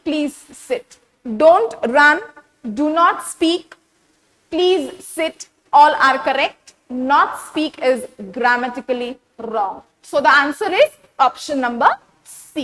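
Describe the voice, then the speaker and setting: A woman with an Assamese accent gives a grammar lesson in a high, light voice. She walks through each answer step by step, stops often to check with "okay?", and moves between English and Assamese. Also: a bit bright, slight background noise, low-quality recording. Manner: explains step by step, often asking "what?" and "okay?".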